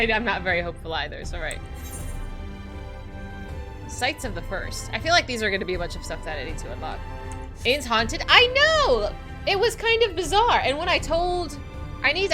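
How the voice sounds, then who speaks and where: A woman streaming a video game, chatting casually with viewers, giggly and emotional, often laughing through tears, with many restarts. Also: fairly high pitch. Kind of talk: casual livestream chat while gaming.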